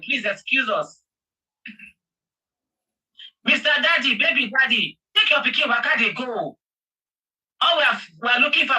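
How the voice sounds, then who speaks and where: Nigerian woman host, impassioned talk-show rant, bright edgy tone, a little off-mic. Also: sits high, recorded from a distance, low-quality recording. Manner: passionate, shouting, emphatic repetition. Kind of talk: heated commentary chat.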